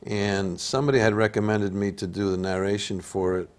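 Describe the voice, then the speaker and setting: A man's voice: on the low side, level tone, a little fast, clean tone. An older man with an Italian-American accent and a nasal voice, telling stories as an actor guest in a casual interview. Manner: storytelling, easygoing.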